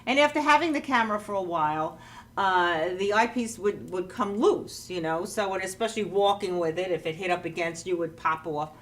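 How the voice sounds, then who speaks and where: A woman's voice: mid-range voice, a bit bright, distant mic. A woman telling a rambling story on a talk show, with many restarts and some laughter. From New York. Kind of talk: casual anecdote.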